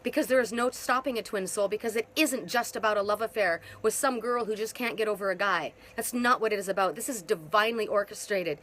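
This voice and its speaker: A woman's voice: medium pitch, brisk, hardly any pauses, a bit bright, a little hiss or hum. A middle-aged woman giving an emphatic, repetitive spiritual monologue as a twin soul facilitator, speaking outdoors. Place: outdoors in hot humid weather.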